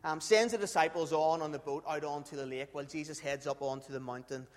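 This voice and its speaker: Male preacher, chatty, slightly high voice, big reverberant church hall. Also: steady tone, quick pace. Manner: chatty, checks in with "okay?" often. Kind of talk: sermon with a live demonstration.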